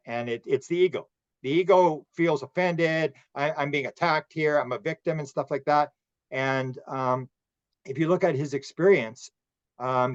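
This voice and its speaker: A man's voice: medium pitch, dry recording. A man hosting a casual podcast chat, talking in a rambling way with frequent restarts. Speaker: podcast host. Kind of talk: casual conversation. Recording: dull lo-fi dry sound.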